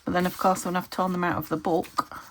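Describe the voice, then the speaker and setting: A woman's voice: on the low side, flat delivery, brisk, a little hiss or hum. A woman from the UK chatting casually to her viewers while she crafts at her desk at home, talking to herself and hunting for words. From United Kingdom. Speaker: craft vlogger.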